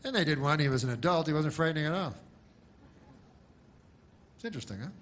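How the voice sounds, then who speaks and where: A man doing a rambling, deadpan stand-up routine, full of pauses, restarts and asides. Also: fairly high pitch. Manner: mocks a pushy announcer in loud bursts. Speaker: comedian.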